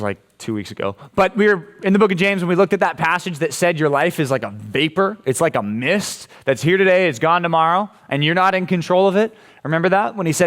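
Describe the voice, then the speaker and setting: A man with an American accent preaching a casual, playful sermon to junior high students, often checking in with questions. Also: fairly bright tone. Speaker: junior high youth pastor. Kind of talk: youth sermon.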